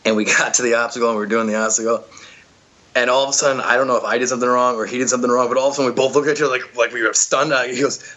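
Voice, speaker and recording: A podcast guest who does obstacle racing rambles through stories from a race, full of fillers and restarts. His medium-pitched voice is flat yet bright and forceful, and he races along on a rough recording.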